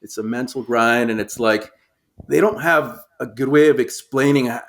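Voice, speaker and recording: A man talking as a guest on a casual baseball podcast, animated and acting out what players say. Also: mid-range voice, normal speed. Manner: animated, acts out players' quotes.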